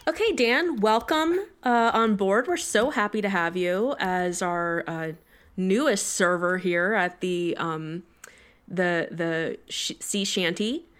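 A woman's voice: medium pitch, takes it slowly, a bit bright. A woman playing a restaurant manager in an improvised comedy scene, talking in a chatty, hesitant way full of ums.

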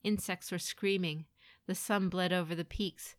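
A woman narrating a grim fantasy story in a dramatic, expressive reading. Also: on the low side, measured pace, no room sound, clean studio sound.

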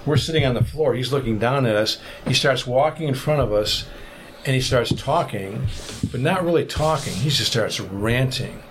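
A man's voice: medium pitch, normal speed, noisy background. Man telling a travel story. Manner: animated, vivid storytelling. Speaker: podcast guest. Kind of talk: storytelling anecdote.

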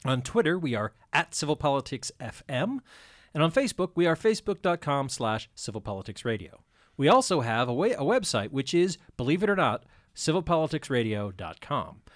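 A man's voice: on the high side, big pitch swings, fairly quick, no echo, clean studio sound. A man hosting a community radio talk show, chatty, with joking asides and laughs. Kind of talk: casual panel talk radio.

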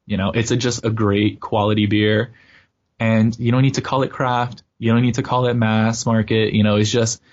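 A man's voice: on the low side, level tone, moderate pace. A man hosting a podcast, chatting casually and rambling with lots of fillers. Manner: rambling, many "you know" fillers. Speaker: podcast host. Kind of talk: casual chat. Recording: dull lo-fi sound.

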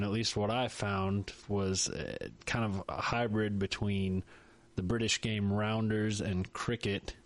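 A man co-hosting a podcast, chatting casually with jokes and self-mocking asides. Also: lowish voice. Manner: joking, rambling, self-mocking. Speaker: podcast co-host.

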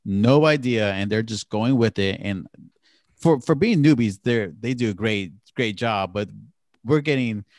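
Enthusiastic low-voiced podcast host, man. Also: lively intonation, measured pace, a little mellow, no echo, studio quality. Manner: enthusiastic, laughs often. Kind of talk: casual chat.

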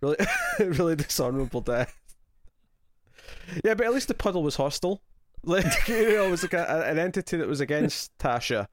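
A man with a Scottish accent co-hosting a casual chat about a TV episode, animated and laughing often, with lots of restarts. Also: on the high side, a little fast, long pauses, noisy background. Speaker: podcast co-host.

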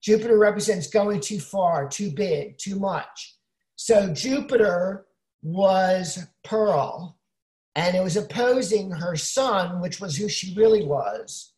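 A woman's voice: medium pitch, lively intonation, slow, a little mellow, echoey room. A woman co-hosting a casual chat, explaining things at length and often saying "you know".

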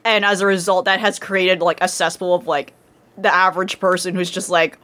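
A woman's voice: fairly low pitch, little pitch movement, brisk, fairly bright tone. A woman chatting on a podcast, giggly and hesitant, full of fillers. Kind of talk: casual podcast chat.

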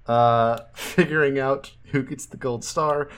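A man's voice: mid-range voice, steady tone, slow. A man co-hosting a casual podcast recap, joking and acting out quotes from the show. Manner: jokey, acts out quotes. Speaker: podcast co-host.

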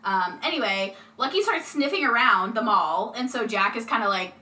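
Young woman co-host, bright and wry, recorded off mic in an echoey room. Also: fairly high pitch, animated, normal speed, recorded from a distance. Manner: chatty, wry, laughs often. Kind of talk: casual chat recapping a movie.

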